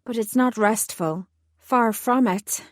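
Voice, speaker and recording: A woman narrator voicing a businesslike female fairy assistant manager with a faint Irish accent, brisk but reassuring. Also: fairly high pitch, no room sound, studio quality.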